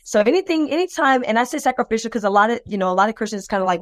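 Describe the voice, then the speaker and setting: A woman's voice: a little high, rapid-fire, no room sound. A woman on a podcast telling a personal story in a loose, rambling way, full of fillers and restarts, acting out the voices of the people in it. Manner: lively and expressive, acts out other people's voices. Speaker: podcast co-host.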